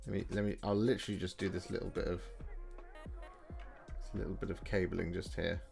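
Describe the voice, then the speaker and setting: Chatty low-voiced man hosting a live stream. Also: level tone, brisk, vocal fry, a little mellow, faint music behind. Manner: chatty and playful, laughs often, trails off while working. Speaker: livestream host painting miniatures. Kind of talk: casual live-stream chat answering viewers.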